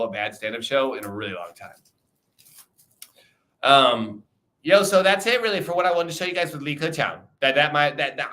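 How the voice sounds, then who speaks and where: A man's voice: fairly high pitch, pushed and bright. A young man chatting casually on a livestream, loose and profane, rambling with frequent restarts. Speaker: streamer.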